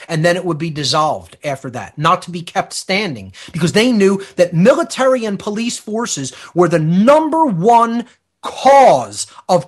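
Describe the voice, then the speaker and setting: A man speaking as a guest on a talk radio show, ranting forcefully and emphatically. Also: sits high.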